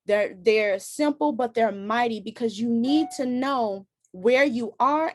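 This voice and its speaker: Woman sharing faith tips, kinda high voice, earnest, lots of restarts, dry close sound. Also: dry recording. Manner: earnest and candid, with many restarts. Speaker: host. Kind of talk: faith-based advice talk.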